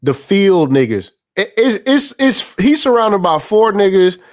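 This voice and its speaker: A man's voice: high-pitched, big pitch swings, a little slow. A young man hosting a casual panel, reacting to a clip with incredulous, mocking, profane commentary. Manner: incredulous, mocking, rants in repeated phrases. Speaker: host reacting to a protest clip.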